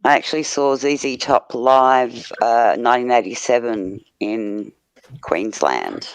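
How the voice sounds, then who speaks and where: A man from Australia chatting casually online, recalling a concert and making slow teasing remarks. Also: mid-range voice, smooth, dry recording, low-quality recording. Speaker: co-host of a group live chat.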